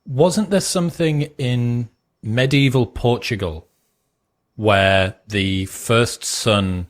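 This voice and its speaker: A man's voice: medium pitch, slow. A man hosting a conversation, telling rambling anecdotes and asking questions. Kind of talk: conversational interview.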